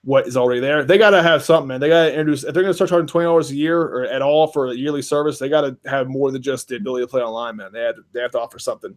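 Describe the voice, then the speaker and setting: A man's voice: medium pitch, very fast, hardly any pauses. A man hosting a casual gaming podcast, rambling and reading viewer questions from the chat aloud. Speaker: podcast host.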